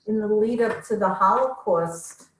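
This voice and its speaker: A woman's voice: medium pitch, measured pace, background noise. A woman taking part in a class discussion over a video call, talking in a thoughtful, conversational way. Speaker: class participant. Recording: roomy video call audio.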